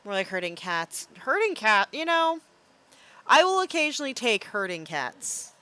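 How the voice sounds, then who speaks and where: A young woman streaming a game, chatting playfully and thinking out loud with plenty of fillers. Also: mid-range voice, very animated, normal speed. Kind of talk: casual live-stream game commentary.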